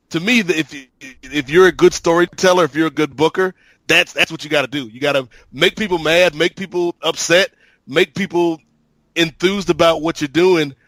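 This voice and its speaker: A man co-hosting a podcast in casual chat, telling stories in a measured way and repeating words while he thinks. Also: a little high, a bit bright, dry recording. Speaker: podcast co-host.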